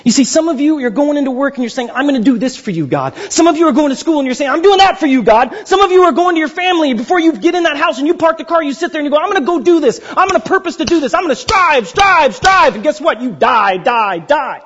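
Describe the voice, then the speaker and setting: A man in his thirties preaching a sermon as pastor, swinging from loud, high exclamations to slow, hushed pleading. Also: expressive, dull audio.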